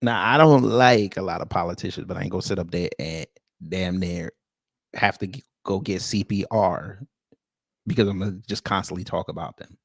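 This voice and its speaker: A man's voice: deep voice, normal speed, vocal fry, slightly rough, dry recording, clean studio sound. A man hosting a live reaction stream, talking casually and mockingly, often breaking into laughter.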